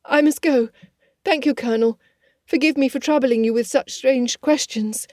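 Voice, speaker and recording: A woman's voice: sits high, moderate pace, a little mellow, no echo, clean studio sound, pitched above the performer's own voice, lightly acted. A woman voicing a young heroine in an audiobook, speaking in a raised, emotional, pleading voice. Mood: distraught. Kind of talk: audiobook character voice.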